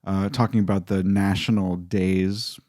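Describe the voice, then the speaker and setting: A man's voice: low-pitched, fairly even intonation, a little slow, a little mellow, no echo, studio quality. A man co-hosting a comedy podcast, chatty and teasing as he leads the casual talk. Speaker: podcast co-host.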